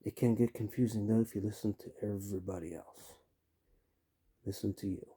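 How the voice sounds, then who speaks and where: A man's voice: lowish voice, steady tone, moderate pace, mellow, husky. A man in his fifties giving a blunt, rambling casual rant, leaning on "you know" and "man". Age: 50s. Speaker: vlogger.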